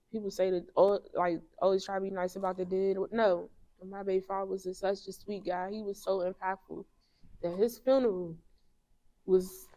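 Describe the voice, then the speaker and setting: A young woman speaking as an interview guest, halting and emotional as she talks about a painful loss. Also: medium pitch. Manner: soft-spoken, halting, grieving. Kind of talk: emotional personal conversation.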